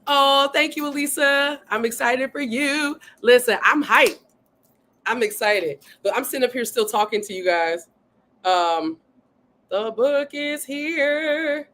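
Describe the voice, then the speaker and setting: A woman hosting a casual livestream, excitedly reading viewer comments aloud and often saying "y'all.". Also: on the high side. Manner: says "y'all" often, Southern-tinged speech. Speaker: livestream host.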